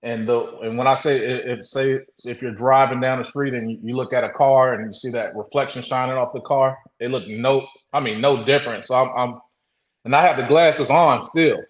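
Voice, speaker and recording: Halting man telling a story, roomy echo. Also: medium pitch, fairly even intonation. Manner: halting, with many restarts and acted-out quotes. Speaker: interview guest. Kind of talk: casual storytelling.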